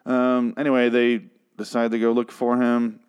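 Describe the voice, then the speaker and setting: A man's voice: medium pitch, completely flat delivery, normal speed, a little mellow, clean tone. A man recapping and ranting about a TV episode in a sarcastic, profane, exasperated way. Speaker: TV episode reviewer. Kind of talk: casual recap and rant.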